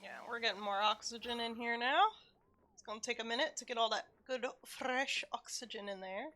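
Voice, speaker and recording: Woman streamer, casual game commentary, slightly high and very bright, mutters to herself, swears often. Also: steady tone, a little fast.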